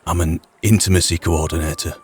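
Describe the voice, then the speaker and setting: A man's voice: sits low, fairly even intonation, fairly quick, darkish tone, husky. A man playing a blunt, teasing, suspicious frontier fisherman. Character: gruff cagey frontier man who fishes.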